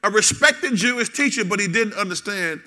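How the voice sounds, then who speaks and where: A man's voice: high voice, animated, normal speed, bright, forceful tone, long reverb tail. A man preaching a sermon, quizzing his congregation with call-and-response questions. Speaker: pastor.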